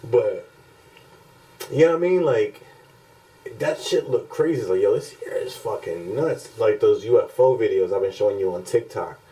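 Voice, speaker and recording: A man's voice: fairly low pitch, moderate pace, pauses often, dark tone, low-quality recording. A man co-hosting a podcast in casual chat, rambling and profane, often laughing as he talks. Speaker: podcast co-host.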